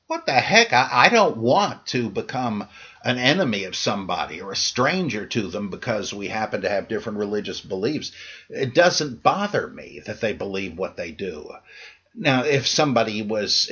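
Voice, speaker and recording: A man's voice: lowish voice, a bit bright, husky, muffled recording. A middle-aged man hosting a podcast, answering listener questions in a casual, digressive monologue full of fillers and restarts.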